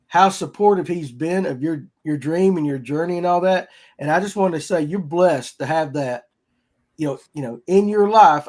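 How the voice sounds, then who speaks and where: A man's voice: fairly high pitch, a little mellow. Folksy man hosting a podcast. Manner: folksy, rambling, upbeat. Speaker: podcast host. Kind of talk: casual fishing podcast chat.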